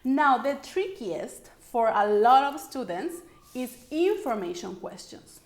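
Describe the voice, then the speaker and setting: In an online language lesson, a Paraguayan woman whose first language is Spanish coaches English intonation. She speaks slowly in a fairly high, sing-song voice, explaining patiently and modeling example sentences aloud, and the room lends a noticeable echo.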